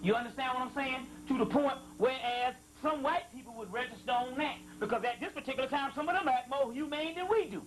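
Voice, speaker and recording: Male lecturer, high pitched, emphatic slow reader who stops to explain each passage and checks in with the room. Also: soft background music, low-quality recording. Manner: slow emphatic reading of quotes, frequent "you see what I'm saying". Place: lecture hall with live audience.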